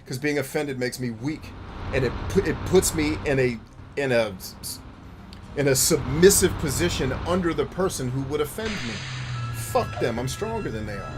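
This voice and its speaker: A man hosting a gaming show, talking bluntly and profanely in casual commentary while he plays, with quick jokey asides. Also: fairly high pitch, animated, music in the background. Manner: laughs easily, jokey asides.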